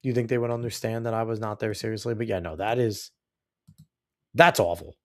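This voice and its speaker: A man's voice: on the low side, a little fast, fairly bright tone. A man hosting a show, reacting to clips with mocking, profane asides. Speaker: host. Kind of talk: reaction commentary over clips.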